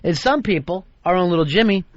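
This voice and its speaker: A man's voice: high voice, lively intonation, quick pace. A man hosting a radio talk show, rambling wryly and acting out the quotes he tells. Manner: wry, rambling, acts out quotes. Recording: dull lo-fi radio broadcast.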